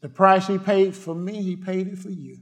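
A man preaching a fiery sermon, repeating short declarations and swinging from loud cries to hushed murmurs. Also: sits high, steady tone, normal speed. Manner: repetitive declarations and cadences.

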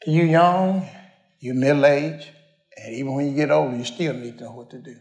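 A man's voice: medium pitch, normal speed, a little mellow, reverberant. An older man, preaching a folksy storytelling sermon, rambling and homespun as he addresses the congregation.

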